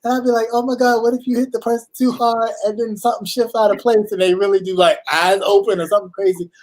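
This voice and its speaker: A woman's voice: mid-range voice, fast, low-quality recording. A woman hosting a casual online chat, telling stories with lots of acted-out quotes. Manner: animated storytelling, acting out quotes. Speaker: host.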